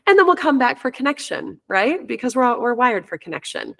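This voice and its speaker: A woman's voice: a little high, very animated, fairly quick, gravelly, fairly bright tone. Reflective woman telling a story. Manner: open, reflective, storytelling with many restarts. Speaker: teacher and parent coach. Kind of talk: casual conversational interview.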